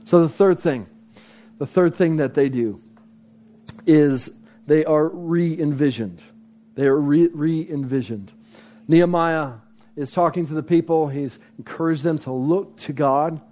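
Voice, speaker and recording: A pastor preaching a sermon, emphatic, driving points home by repeating phrases. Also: male voice, fairly high pitch, unhurried, mellow.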